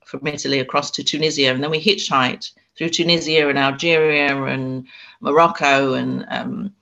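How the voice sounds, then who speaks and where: A woman's voice: extremely low pitch, steady tone, vocal fry, bright, forceful tone, muffled recording. A woman, an author and spiritual medium, telling her story in an interview, with frequent ums and restarts. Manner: halting, many restarts and ums.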